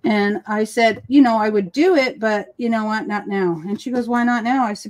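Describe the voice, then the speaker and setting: A woman chatting casually on a live stream, telling animated stories and acting out the voices of people she quotes. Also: fairly high pitch, normal speed, few pauses, dry recording. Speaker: co-host of a live crafting stream. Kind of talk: casual chat. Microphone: live stream call.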